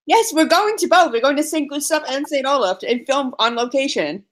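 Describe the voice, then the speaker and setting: A woman co-hosting a podcast in casual chat, playful and quick to laugh and agree. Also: high voice, animated. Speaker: podcast co-host.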